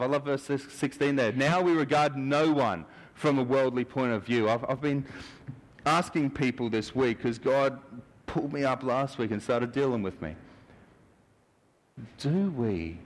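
Male preacher in a reverberant hall. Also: medium pitch. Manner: earnest, searching, asks many questions. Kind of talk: sermon.

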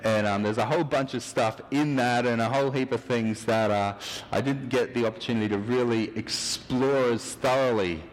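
A man delivers a casual, rambling sermon, mixing in jokes. His voice sits at an ordinary pitch. A long hall reverb hangs behind every phrase. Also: normal speed. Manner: relaxed, rambling, chatty. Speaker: preacher. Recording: hall reverb with a mic hum.

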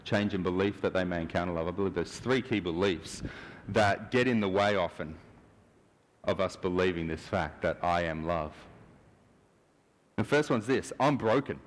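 A man's voice: low-pitched, normal speed, long pauses. A man preaching a sermon in an earnest, questioning manner. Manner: earnest, searching, asks many questions. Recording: long hall reverb.

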